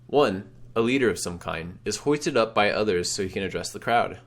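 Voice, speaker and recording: Low voiced guy reading a text adventure out loud, dramatic, yells his picks. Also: expressive, normal speed, noisy background. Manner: dramatic, shouts choices out loud. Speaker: game streamer.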